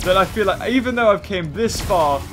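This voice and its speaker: A young man with a high, bouncy voice that leaps all over the place. He rambles through casual gameplay commentary, cracking self-mocking jokes and breaking into excited bursts. Faint music plays underneath. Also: normal speed. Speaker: gaming channel host.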